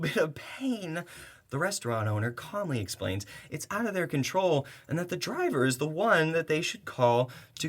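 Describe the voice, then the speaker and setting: A young man performing rhyming spoken-word poetry with a sarcastic, heated edge and bursts of laughter. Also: on the high side.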